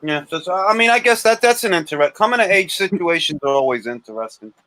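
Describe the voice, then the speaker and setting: A man hosting a livestream, talking boxing in an animated, joking and blunt way. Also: high voice, fast talker. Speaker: livestream host. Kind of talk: casual boxing chat.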